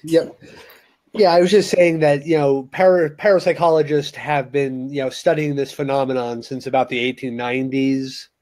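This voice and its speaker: A man's voice: mid-range voice, fairly even intonation, normal speed, a little mellow. A man co-hosting a casual podcast, explaining things steadily with lots of "you know" fillers. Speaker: co-host.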